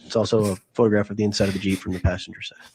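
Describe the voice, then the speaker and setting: A man with a low, flat voice gives courtroom testimony. He describes evidence in a plain, matter-of-fact way. Faint courtroom ambience hums behind him. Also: racing, slight background noise. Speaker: detective witness.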